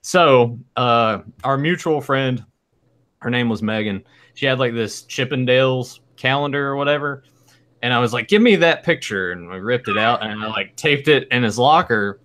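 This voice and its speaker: A man's voice: mid-range voice, moderate pace, fairly bright tone. A man co-hosting a casual podcast chat, laughing and telling teasing stories about his friends. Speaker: podcast co-host.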